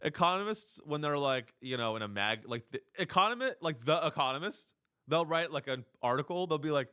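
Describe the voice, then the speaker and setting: A man's voice: fairly high pitch, sing-song, fairly quick, pushed and bright, clean tone. A man hosting a comedy podcast, delivering a rambling, sarcastic, mock-earnest monologue. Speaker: podcast host.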